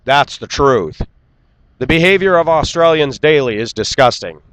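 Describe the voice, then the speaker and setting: A man delivering an indignant, lecturing rant straight to camera and clearing his throat now and then. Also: medium pitch, lively intonation, moderate pace, fairly bright tone, no room sound, rough recording. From United States. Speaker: vlogger. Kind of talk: ranting monologue.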